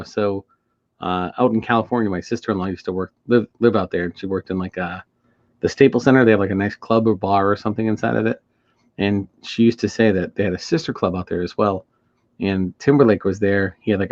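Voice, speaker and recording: A married man co-hosts a casual podcast, telling rambling stories in a laid-back way. His voice is fairly low and a little mellow, without echo, and the recording has a dull lo-fi sound.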